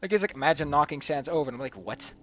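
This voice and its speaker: A man's voice: fairly high pitch, lively intonation, racing, a bit bright. A young man commentating a game, giggling, rambling and swearing casually. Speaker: let's play host. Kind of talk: gameplay commentary.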